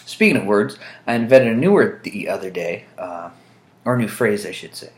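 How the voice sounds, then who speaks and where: A man rambling to his camera in a loose, jokey monologue. His pitch swings freely, and he drifts between asides with plenty of ums. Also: lively intonation, moderate pace. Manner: dry, jokey, meandering with fillers. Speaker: vlogger.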